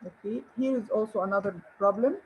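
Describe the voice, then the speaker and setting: A woman's voice: mid-range voice, fairly quick, highs cut off, slight background noise. A woman English teacher giving an online grammar lesson, encouraging and asking her viewers questions. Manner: encouraging, rhetorical questions and praise.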